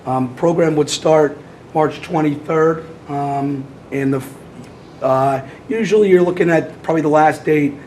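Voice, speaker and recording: A hoarse man with a cold presenting as athletic director at a public meeting, halting with many fillers. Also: a little high, a little mellow, slight background noise, low-quality recording.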